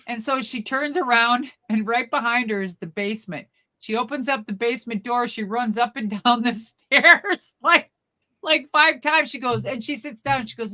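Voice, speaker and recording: Animated woman telling stories, bright voice. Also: fairly high pitch, moderate pace. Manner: animated, acts out quoted voices loudly. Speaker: co-host. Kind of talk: casual storytelling chat. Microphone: live stream, remote.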